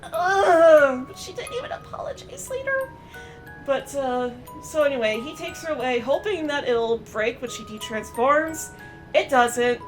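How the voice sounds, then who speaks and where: A streamer with a high-pitched voice gives a loose, chatty recap and reaction to a cartoon episode. She stays animated, packs her speech with "uh" and "you know," and slips into quick quoted voices, while faint music plays softly underneath.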